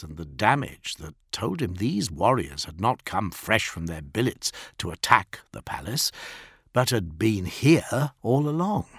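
Man, audiobook narrator, low voice, measured and grave, dry close recording. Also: fairly bright tone, slightly rough, no room sound. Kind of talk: dramatic scripted narration.

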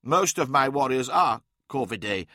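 A composed male warrior teaching his pupil, measured and assured, as a male narrator plays him. The tone is bright and crisp, a touch higher than the narration, recorded dry and close. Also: lively intonation, no echo. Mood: instructive. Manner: measured, instructive. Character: calm, proud male warrior-mentor.

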